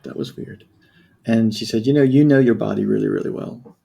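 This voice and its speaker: A man from the United States in his fifties, speaking as a podcast guest. His voice is gravelly and dark-toned. He tells his story candidly and reflectively, often breaking off and restarting his sentences. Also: fairly low pitch, fairly quick. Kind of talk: personal storytelling in a podcast interview.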